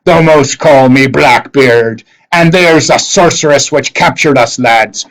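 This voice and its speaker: A man's voice: mid-range voice, a little slow, fairly bright tone, voice pushed up, lightly acted, rough recording. A man voicing a burly, blustering male pirate captain who growls and bellows old-fashioned pirate talk.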